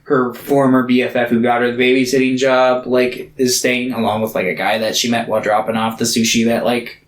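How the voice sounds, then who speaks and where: A man's voice: medium pitch, flat delivery, a little fast, roomy sound, poor audio. A man co-hosting a podcast, recapping a movie in a rambling, laid-back chat. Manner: rambling, laid-back, lots of filler words. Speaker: podcast co-host.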